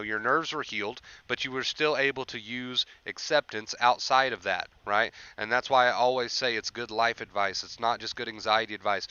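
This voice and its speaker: A man's voice: mid-range voice, sharp tone, clear, resonant tone, no room sound, lo-fi sound. A young man hosting a casual livestream, encouraging viewers about anxiety recovery and reading chat aloud.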